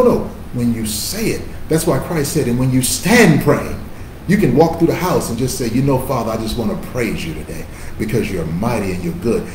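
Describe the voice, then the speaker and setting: A man's voice: mid-range voice, mellow, echoey room, a little hiss or hum, low-quality recording. A male pastor preaching a sermon in an emphatic, conversational style, calling on listeners to repeat after him.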